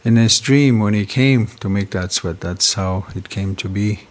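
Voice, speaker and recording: A man from Canada telling traditional star stories in an unhurried, conversational way, often tagging his phrases with "eh?". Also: lowish voice, slight background noise. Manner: unhurried, repetitive, ends phrases with "eh?". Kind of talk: casual storytelling conversation.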